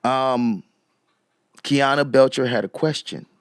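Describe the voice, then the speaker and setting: A man hosting casual live commentary, repeating rhetorical questions to his viewers and shouting out people in the chat. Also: medium pitch, slow pace, clean tone, dry recording, clean studio sound. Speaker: commentary streamer.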